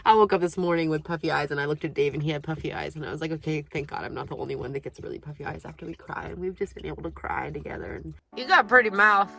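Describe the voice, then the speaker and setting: A woman talking to her viewers in a casual, heartfelt vlog, rambling softly and a little out of breath, recorded on a phone. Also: sits low, very fast, vocal fry, few pauses, slightly rough. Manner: soft, heartfelt, rambling with many "like"s. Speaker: vlogger.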